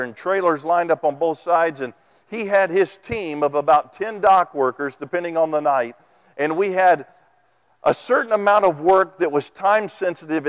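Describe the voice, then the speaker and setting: A man delivering a sermon in a church, speaking into a microphone. His voice sits high for a man and moves animatedly. The delivery is folksy, full of stories and acted-out quotes. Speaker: preacher. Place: church sanctuary.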